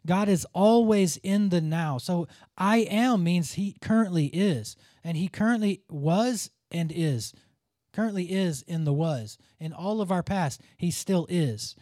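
A man's voice: high voice, expressive, measured pace, dark tone, no echo, studio quality. A man giving a conversational Bible teaching, earnest and informal, often restarting his sentences as he works through his thoughts aloud.

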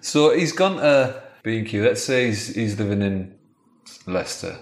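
A man improvising a comic story in a chatty, animated way. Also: on the low side, moderate pace. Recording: roomy echo.

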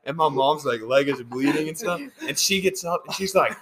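A man's voice: a little high, moderate pace, over a noisy crowd. A young man, telling a funny family story in loose slang and laughing often. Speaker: podcast co-host. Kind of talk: casual storytelling chat.

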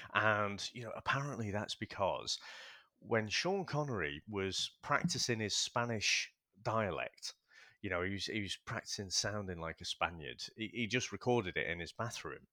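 Lively low-voiced man chatting casually. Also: moderate pace, no echo, clean studio sound. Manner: candid, sweary, laughs easily. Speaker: podcast co-host. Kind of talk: casual film chat.

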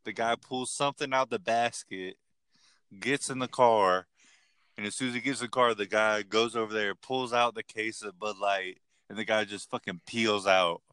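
Bright, crisp-voiced guy telling a story. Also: lowish voice, normal speed, no room sound. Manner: profane, rambling, animated storyteller. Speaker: podcast co-host. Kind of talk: casual storytelling chat.

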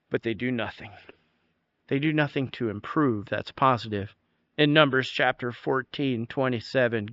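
Clear-voiced pastor preaching, dry sound. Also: male voice, on the high side, no echo, dull audio. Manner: emphatic, storytelling with laughs. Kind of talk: sermon.

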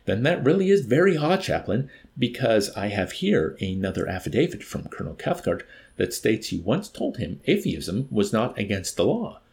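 A man's voice: lowish voice, very animated, moderate pace, few pauses, darkish tone, pitched above the performer's own voice. A man voicing a cold, mocking military officer interrogating a prisoner with nonchalant tartness.

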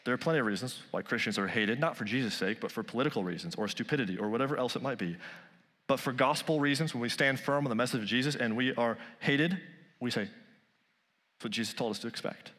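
A male pastor preaching a sermon, rising loud on key points and dropping soft on others. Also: medium pitch, quick pace, big-room sound.

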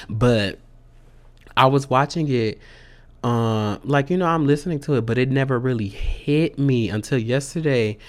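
Chatty excitable man vlogging. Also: medium pitch. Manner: animated, excitable, many fillers; says "y'all" and "sis". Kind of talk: casual vlog update.

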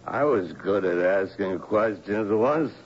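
A man's voice: expressive, slow, husky, full character voice. An actor playing a confused alcoholic man, once a lawyer, who stammers and rambles. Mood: rambling. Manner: stammering, rambling, wandering pitch. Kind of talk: 1970s radio drama acting. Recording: slightly dull old radio recording with faint hiss.

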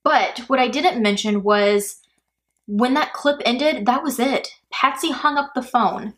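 A woman's voice: on the high side, unhurried, fairly bright tone. A woman hosting a true crime podcast, going through a case in a chatty, speculative way with lots of "like" and "you know.". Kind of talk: casual true crime narration. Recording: faulty mic audio.

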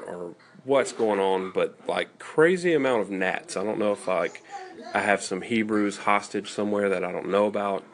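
Southern guy host, very low voice, chatty and meandering, light hiss behind. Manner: rambling, self-interrupting, joking asides. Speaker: radio show host. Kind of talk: casual solo radio talk.

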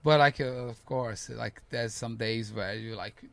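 Gravelly man telling a story animatedly. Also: fairly low pitch, unhurried. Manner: animated storytelling, acting out voices, broken English. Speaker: podcast guest, ultrarunner. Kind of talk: casual interview chat.

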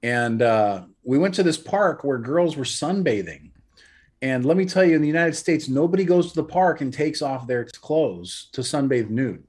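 A man's voice: mid-range voice, lively intonation, moderate pace, a little mellow, breathy edge. A man co-hosting a podcast, chatting casually in an easygoing, storytelling way. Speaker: podcast co-host.

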